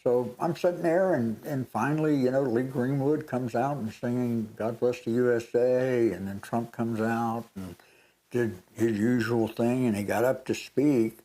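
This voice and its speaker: Older male co-host, casual storyteller, mid-pitched, lively re-enactments. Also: unhurried. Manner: animated storytelling, re-enacts moments. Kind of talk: casual chat.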